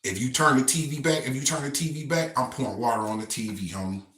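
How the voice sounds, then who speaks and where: Brief: skinny hotheaded inmate, street talk, pitched up and loud, put on by a man storyteller, echoey room. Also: fast, natural voice. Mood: defiant. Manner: defiant, threatening.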